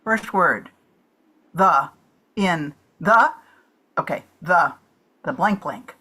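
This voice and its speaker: A woman's voice: fairly low pitch, lively intonation, drawn-out words, sharp tone, slightly rough. A woman guessing at charades over a video call, thinking aloud in rambling, restarting guesses. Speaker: comedian playing charades.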